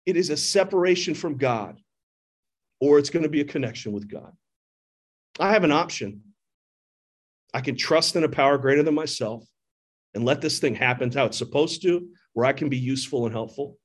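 A man's voice: fairly high pitch, expressive, a little fast, long pauses. A middle-aged man giving an earnest, candid recovery testimony from a church podium microphone, often restarting his sentences. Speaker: speaker sharing at a recovery meeting. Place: church meeting hall.

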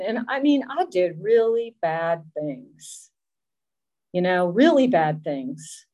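A middle-aged woman giving a personal recovery testimony, speaking in an earnest, emotional, halting way. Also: medium pitch, animated, a little mellow.

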